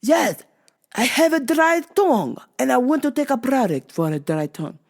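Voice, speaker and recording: A woman's voice: high voice, sing-song, measured pace, pitched above the performer's own voice, exaggerated voice. A woman voicing a pushy foreign woman customer who speaks broken English and keeps repeating her request. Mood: insistent. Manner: broken English, insistent, repetitive.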